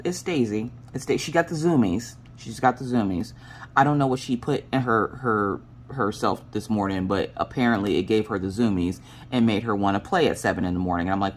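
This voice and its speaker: A woman with a notably deep voice, slightly crackly from the early hour, chats to her viewers while she crafts. She tells her story in an animated, casual way and swears freely along the way. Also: moderate pace. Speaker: crafting vlogger.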